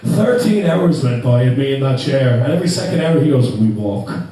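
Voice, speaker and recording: A man's voice: mid-range voice, lively intonation, a little fast, mellow, recorded from a distance, slight background noise. A man in his twenties from Ireland with a Dublin accent, doing a sweary, self-mocking stand-up set and laughing through his lines. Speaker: stand-up comedian. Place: comedy club stage. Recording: echoey club, mic from afar. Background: audience laughter.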